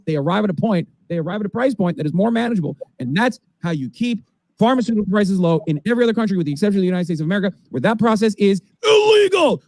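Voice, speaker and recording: A man's voice: sits high, a little mellow, dry recording. A man co-hosting a livestream, commenting on a video in a sarcastic, ranting way. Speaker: co-host.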